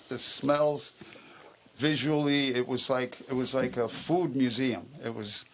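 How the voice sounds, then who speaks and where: A man with a gravelly, medium-pitched voice appears as a guest in a local TV studio for a talk show. He tells stories in casual chat but turns insistent and heated when he argues.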